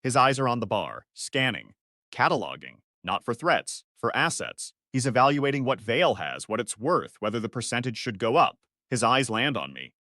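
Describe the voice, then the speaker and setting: A man's voice: medium pitch, big pitch swings, moderate pace, pushed and bright, no room sound, clean studio sound. A man narrating a first-person science-fiction story in clipped, analytical sentences.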